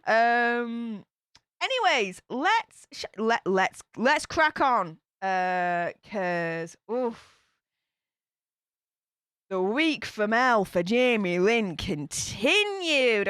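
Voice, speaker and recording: A chatty young woman with a Yorkshire accent hosts a casual livestream, reading viewer comments aloud and cheering her audience on. Her voice sits a little high, and the sound is close and dry with no room around it. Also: sing-song, drawn-out words, a bit bright, clean tone, no echo. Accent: Yorkshire English. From Yorkshire, England. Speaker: YouTube channel host.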